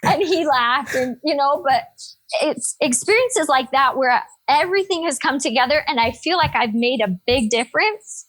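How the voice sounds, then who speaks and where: Woman, thirties, high voice, energetic, upbeat storyteller, casual interview. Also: normal speed. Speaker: podcast guest, nurse.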